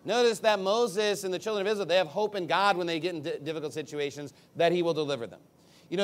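A man preaching a sermon in an emphatic, conversational way, acting out quick asides. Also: on the high side. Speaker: pastor.

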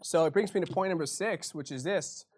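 Male pastor, fairly high-pitched, folksy, preaches in bursts from soft asides to loud pleading. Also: a little fast, breathy edge. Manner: swings from quiet asides to loud impassioned preaching; folksy, acts out quoted voices. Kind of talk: sermon.

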